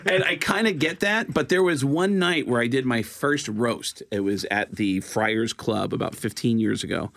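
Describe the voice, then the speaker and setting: A male comedian and impressionist telling comic stories in a casual chat, animated and laughing along. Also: mid-range voice, moderate pace, gravelly, hardly any pauses. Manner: animated, slips into voices, laughs while telling.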